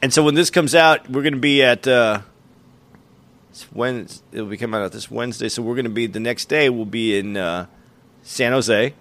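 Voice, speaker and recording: A man's voice: medium pitch, normal speed, a bit bright. A man co-hosting a comedy podcast, hesitant and self-conscious in casual banter.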